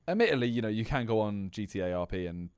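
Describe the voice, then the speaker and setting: A man co-hosting a podcast, telling stories in a casual, animated way with laughs. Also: fairly low pitch, fast, smooth, dry recording, studio quality. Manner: storytelling, animated bursts, laughs. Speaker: podcast co-host. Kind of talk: casual chat.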